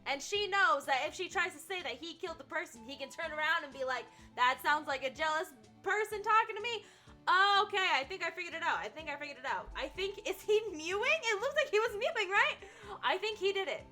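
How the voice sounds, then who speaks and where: A young woman streaming a video game, chatting excitably and laughing easily as she reacts. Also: very high-pitched, fast talker, faint music behind. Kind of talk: casual gameplay commentary.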